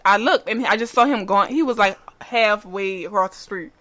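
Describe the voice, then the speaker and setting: A woman chatting with friends and telling a story in a relaxed way. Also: mid-range voice, normal speed, no room sound. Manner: relaxed, chatty, tells stories. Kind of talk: casual chat among friends.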